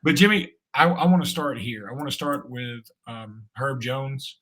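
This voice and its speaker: A sports podcast co-host speaks at normal speed in a medium-pitched, somewhat bright voice. His talk is casual and rambling, full of restarts and filler words.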